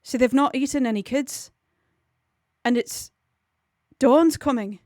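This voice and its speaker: A woman hosting a livestream film club, chatting casually and rambling, often stopping to correct herself. Her voice sits slightly high, and the sound is close and dry. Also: takes it slowly, a little mellow, no room sound. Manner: rambling, self-correcting, breezy.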